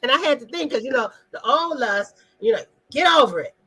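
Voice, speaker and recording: A woman with a husky, bright voice pitched a little high hosts a casual live talk. She speaks emphatically and preaches a little, throwing questions at her listeners and calling out to the viewers in the chat. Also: lively intonation, fairly quick, poor audio. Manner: talks directly to viewers in the chat. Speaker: host of an online live talk.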